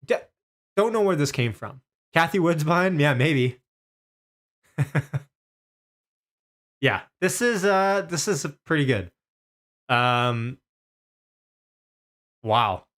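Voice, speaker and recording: Excited man calling live stock prices. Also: fairly high pitch. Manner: excited, rapid, repeats prices aloud. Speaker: stock market live streamer. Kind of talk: live stream commentary.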